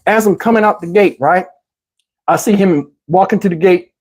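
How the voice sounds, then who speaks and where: A middle-aged man casually telling a personal story in an animated, streetwise way, with lots of "you know what I'm saying" asides. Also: high voice, normal speed. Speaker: YouTube storyteller.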